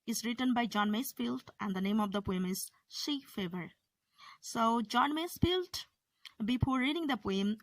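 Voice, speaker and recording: A woman's voice: mid-range voice, fairly bright tone, dry recording. A woman teacher explaining a poem to her students, hesitant, often restarting and correcting herself. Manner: hesitant, with fillers and self-corrections. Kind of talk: classroom lesson on a poem.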